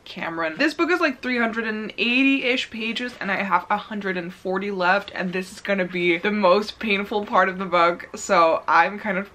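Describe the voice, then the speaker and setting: A woman's voice: mid-range voice, normal speed, few pauses, pushed and bright. Young woman gushing in a reading vlog. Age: 20s. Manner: gushing and emotional, laughs often. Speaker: book vlogger.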